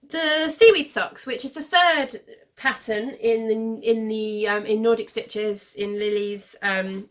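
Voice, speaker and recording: A woman in her thirties from the UK hosting a knitting podcast, rambling casually with lots of fillers and self-corrections, a little hoarse as she is losing her voice. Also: on the high side, sharp tone. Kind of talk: casual show-and-tell chat.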